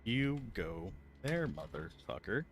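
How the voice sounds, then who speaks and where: A man rambles casually over a video game livestream from his home desk, swearing here and there when something bugs him. His low voice is sing-song and slow. The close earbud mic at his PC picks up a little hiss or hum.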